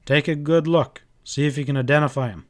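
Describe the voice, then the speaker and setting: Narrator as a grim drawling frontier sheriff, plain steady voice, audiobook. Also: male voice, fairly high pitch, brisk, lightly acted. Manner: grim, drawling, rural speech.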